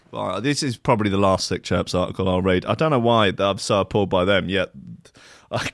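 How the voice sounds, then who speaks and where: A man's voice: on the low side, dry recording, clean studio sound. Sardonic male host. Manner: sardonic, mock-outraged, heavy with filler. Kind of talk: comic news-reading riff.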